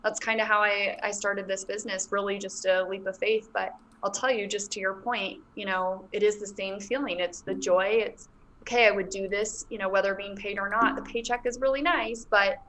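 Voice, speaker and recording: A woman's voice: mid-range voice, steady tone, normal speed, fairly bright tone, a little hiss or hum. A woman in her thirties, a guest business coach in a casual interview, talking with feeling and near tears. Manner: emotional, close to tears while telling her story.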